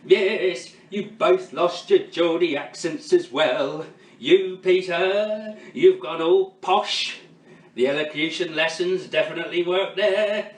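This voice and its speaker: A cheeky, showy game-show host of 87 , played by a man doing an impression, all teasing patter and quips. His voice sits a little high and drawls slowly. It is heard from a distance with plenty of roomy echo. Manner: quipping, teasing, showbiz patter. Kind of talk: comedy sketch impression.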